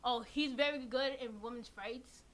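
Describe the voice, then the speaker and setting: A chatty teenage girl hosts a student radio show, her voice pitched a little high. She laughs easily and trails off mid-sentence. A faint hiss sits under the recording. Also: fairly even intonation, moderate pace, fairly bright tone. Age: teens. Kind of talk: casual chat.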